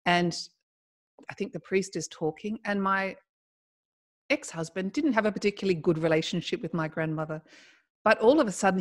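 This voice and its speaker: A middle-aged woman speaks as a podcast guest, telling personal stories in an animated, conversational way. She laughs often as she talks, and her voice sits at a medium pitch. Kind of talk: conversational storytelling.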